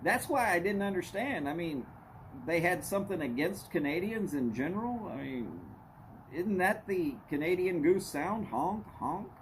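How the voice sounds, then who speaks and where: Middle-aged guy on his live stream, kinda high voice, tells rambling jokey stories, faint hiss behind. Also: lively intonation, moderate pace. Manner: rambling, joking storyteller. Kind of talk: casual chat with live chat.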